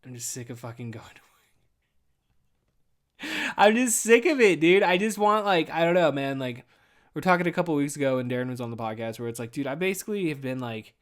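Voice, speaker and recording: A man in his thirties hosting a podcast, venting in a weary, rambling way and swearing constantly. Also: medium pitch. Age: 30s. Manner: profane, rambling, says "dude" constantly. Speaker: podcast host. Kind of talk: casual rambling monologue.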